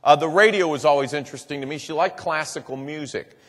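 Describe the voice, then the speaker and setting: A man's voice: a little high, fast, fairly bright tone. Earnest man speaking in a reverberant hall. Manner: earnest storytelling, repeats "and boy". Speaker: public speaker. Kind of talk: speech to a live audience.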